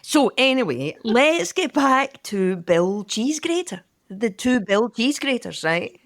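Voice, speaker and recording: A woman's voice: a little high, sing-song, slow pace. A woman co-hosting a podcast, teasing her partner in playful, bossy banter. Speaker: podcast co-host. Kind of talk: casual chat.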